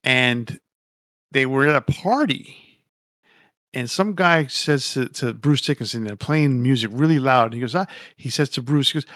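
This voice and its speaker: A man's voice: mid-range voice, moderate pace, a bit bright, no room sound, studio quality. A man co-hosting a casual podcast, rambling and opinionated, swearing casually as he talks. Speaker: podcast co-host.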